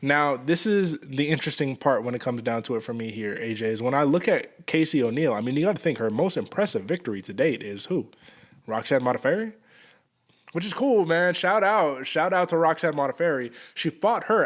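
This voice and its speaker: A man co-hosting a sports podcast, breaking down an upcoming fight in an animated, casual way, dropping "man" a lot. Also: medium pitch. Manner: animated, says "man" often. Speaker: podcast co-host.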